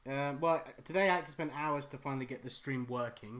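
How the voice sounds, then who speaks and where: A man's voice: mid-range voice, a little fast, a bit bright. A man, a comic artist, chatting casually and joking dryly while drawing on a live stream. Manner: dry, joking.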